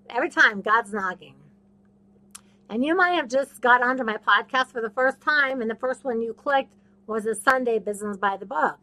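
Addressing her listeners directly, a faith podcast host preaches in a relaxed way at a moderate pace. Her slightly high voice sounds bright and forceful, and she leans on repetition while often mimicking the people in her stories.

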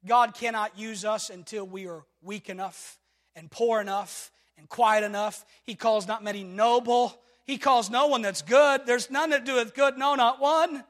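High-voiced man preaching in echoing church. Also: steady tone, a little slow. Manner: preaching with sudden swings from shouting to near-hushed tones; repetitive rhetorical calls to the congregation. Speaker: pastor. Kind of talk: sermon. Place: church sanctuary. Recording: long hall reverb from a church.

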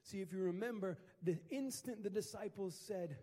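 High-voiced pastor preaching in a hall. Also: male voice, moderate pace, hardly any pauses. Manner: conversational, animated storytelling with slang. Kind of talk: sermon. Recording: long hall reverb.

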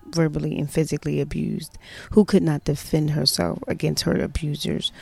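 A woman's voice: deep voice, level tone, moderate pace, creaky, a little mellow, slightly rough, no room sound. A mother telling a personal story in casual, chatty style, emphatic and full of "you know" fillers.

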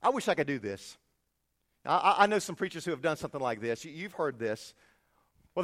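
Middle-aged pastor, fairly high voice, casual sermon delivery, big dynamic swings. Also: male voice, brisk, long pauses. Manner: animated, swings from hushed to loud and emphatic; conversational, with repeated words and asides.

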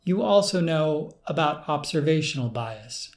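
A man reading an audiobook, voicing a calm, commanding male clone of the narrator who speaks in an assured, cryptic way. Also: on the high side, unhurried, pitched above the performer's own voice.

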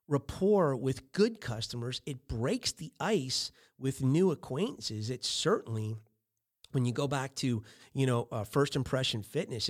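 A middle-aged man hosting a podcast, giving casual coaching on small talk with lots of fillers and acted-out sample chats. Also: medium pitch. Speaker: podcast host.

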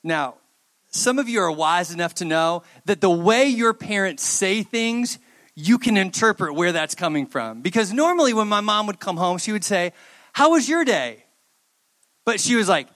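A young man delivers a youth sermon with a fairly high, bright voice. He tells his story with energy and slips into voices to act out the people in it. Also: normal speed. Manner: animated storyteller, acts out dialogue in quoted voices.

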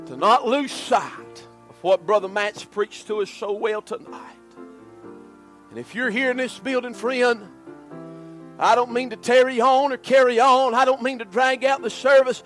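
A male preacher with a drawl, his voice pitched strikingly high as he prays and preaches with fervor. He swings from hushed pleading to shouting during a church service, with faint music underneath. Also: measured pace, rough recording. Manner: fervent, rising to shouts. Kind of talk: impassioned prayer and sermon.

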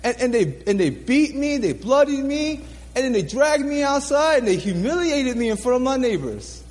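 A man's voice: extremely high pitch, very animated, moderate pace, darkish tone, in a large hall. A man preaching a sermon, telling his own story earnestly, repeating phrases for emphasis and laughing at himself. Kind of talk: sermon testimony.

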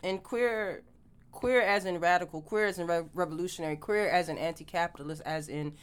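A woman's voice: on the low side, fairly quick, clear, resonant tone. A woman in casual chat, talking emphatically and animatedly, swearing freely.

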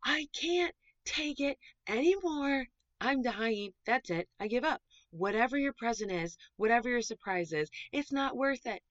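A woman voicing an impatient, excitable little male elephant from a storybook read-aloud, pleading and dramatic. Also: very high voice, fairly quick, no echo, lo-fi sound, pitched above the performer's own voice, exaggerated voice. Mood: exasperated.

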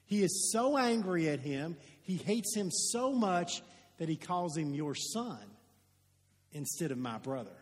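A man preaching a sermon, retelling a story with rhetorical questions and shifting from loud emphasis to hushed asides. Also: high voice, animated, measured pace. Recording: long hall reverb.

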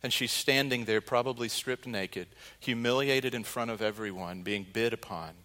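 A male pastor preaching a sermon, telling a story earnestly and dramatically, moving between loud and hushed delivery. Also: medium pitch, normal speed.

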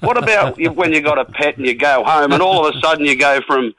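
A man's voice: a little high, quick pace, pushed and bright, rough recording. A man playing a folksy, matey rural bloke with an Australian accent, phoning in to a comedy radio sketch. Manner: rambling, folksy, jokey. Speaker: regular caller.

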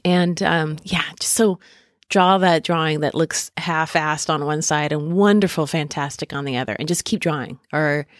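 A woman hosts a casual spiritual podcast, giving a tarot reading in a monologue. She is chatty and self-deprecating, laughs often, and fills her speech with ums and likes. Her low voice comes through a podcast mic with a dry sound.

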